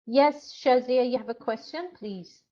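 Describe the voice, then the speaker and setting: A woman instructor giving an online lecture, explaining slowly with frequent hesitations and fillers. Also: on the high side, warm tone, dull audio.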